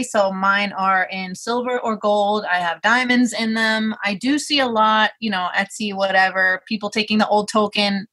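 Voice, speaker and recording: A woman talks as a podcast guest, her voice bright and forward. She rambles in a chatty way, peppering sentences with "like" and "you know.". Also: mid-range voice. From New York. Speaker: jewelry designer guest. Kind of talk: casual podcast chat.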